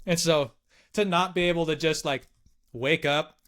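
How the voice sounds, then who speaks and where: A man's voice: on the high side, normal speed, a bit bright. A young man in his twenties telling a story in casual chat, swearing freely and acting out other people's lines. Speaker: podcast guest.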